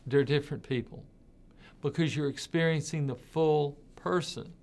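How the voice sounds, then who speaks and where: A man's voice: a little high, moderate pace, darkish tone. A man giving an informal talk, speaking conversationally and leaning hard on his key points. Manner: conversational, repeats words while thinking, emphatic on key points. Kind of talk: informal spoken commentary.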